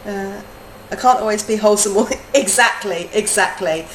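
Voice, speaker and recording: A woman who teaches adults, chatting casually on a game live stream, talking in a chatty way, laughing often and drifting from soft to lively. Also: medium pitch, moderate pace. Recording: roomy echo, faint background noise.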